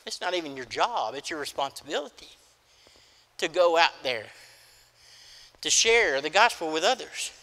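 A middle-aged pastor delivers a folksy, emphatic sermon full of stories. His voice sits high and bright. The sound carries a long church-hall reverb. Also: sing-song, moderate pace, long pauses. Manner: folksy, storytelling, emphatic preaching. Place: church sanctuary.

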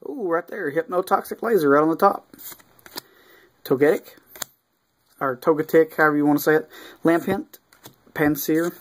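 A man giving casual unboxing commentary, reading off cards one by one with easygoing, mildly excited asides and fillers. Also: fairly high pitch, fairly quick. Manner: easygoing, reads off cards one after another. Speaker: video creator opening card packs.

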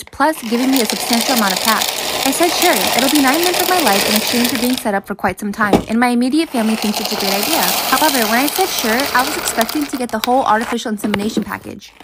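A woman reads stories aloud at a brisk clip, her voice sitting slightly high. She keeps a steady storytelling delivery that moves quickly from one sentence to the next. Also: very noisy.

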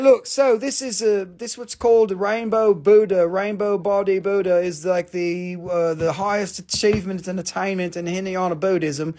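High, gravelly man selling rocks. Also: darkish tone. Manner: joking, profane, talks to himself. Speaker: host selling rocks on a live stream. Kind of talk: live-stream sales chat.

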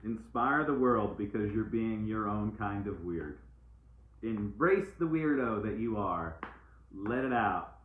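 A man's voice: lowish voice, animated, slow pace, a little hiss or hum. Man reading oracle cards over a tinny line. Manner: playful, motivational, repeats phrases like mantras. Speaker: oracle card reader. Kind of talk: casual live-stream card reading. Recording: echoey room, tinny phone-like sound.

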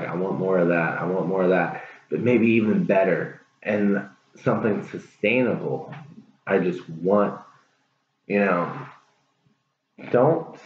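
The casual tarot reading comes from a man with a lowish, slightly mellow voice and a bit of background noise behind him. Earnest and encouraging, he rambles on, and the audio is dull and lo-fi with an echoey room.

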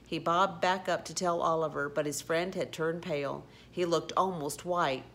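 A woman reading a children's storybook aloud, expressive with occasional slips and restarts. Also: low voice, moderate pace, few pauses. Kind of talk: storybook read-aloud narration.

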